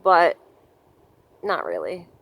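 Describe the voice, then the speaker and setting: A woman's voice: on the low side, big pitch swings, slow pace, fairly bright tone. A woman chatting casually into her handheld phone by the ocean, laughing often and apologizing. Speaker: vlogger. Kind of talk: casual vlog chat. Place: by the ocean coast, near a car. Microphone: phone held in hand.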